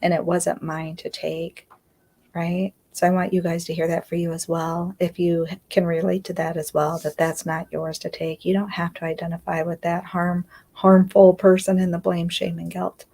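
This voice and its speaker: A woman's voice: fairly low pitch, level tone, moderate pace, vocal fry, warm tone. A woman giving an earnest, confiding self-help talk on a live stream, often checking in with "right?". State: close to tears at times. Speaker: inner healing coach.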